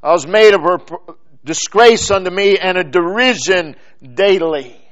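A man delivers a sermon in a fairly high voice. He speaks slowly and deliberately, pausing for effect and letting his phrases drop off at the end. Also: lo-fi sound. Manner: slow, deliberate preaching with dramatic pauses and falling phrase ends. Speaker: preacher.

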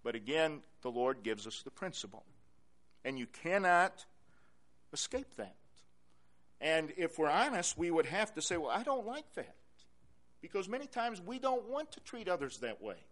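A male pastor preaching a sermon in a church, repeating key phrases and swinging from quiet to loud. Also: a little high, sing-song, normal speed.

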